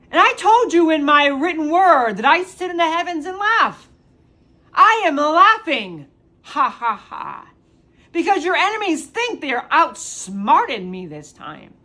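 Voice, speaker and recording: A woman delivering a prophetic proclamation in the first person as God, with emphatic, drawn-out declarations and repeated rhetorical questions. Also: extremely high pitch, big pitch swings, pushed and bright.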